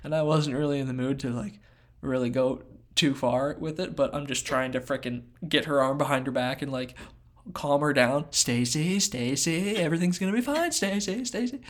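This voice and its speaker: A man chatting casually on a podcast as he tells a long story. He is animated and often acts out what others said in their own voices. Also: mid-range voice, moderate pace. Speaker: podcast co-host.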